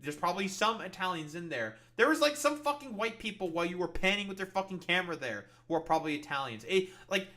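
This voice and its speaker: A man's voice: high voice, animated, fast, hardly any pauses, bright, forceful tone. A man hosting a casual reaction show, mocking a video in a profane rant. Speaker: podcast host reacting to videos.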